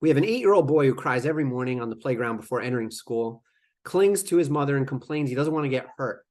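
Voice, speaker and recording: A man's voice: mid-range voice, expressive, fast, a little mellow. A man presenting a webinar lecture in a conversational way, with fillers and asides to the audience. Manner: conversational, with fillers and acted-out quotes. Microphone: remote webinar microphone.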